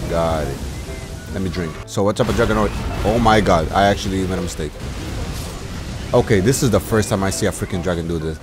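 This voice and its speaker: A man giving animated let's-play commentary as a gaming YouTuber, ranting and swearing mildly with sudden shouted outbursts. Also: deep voice, a little fast, pauses often, over music.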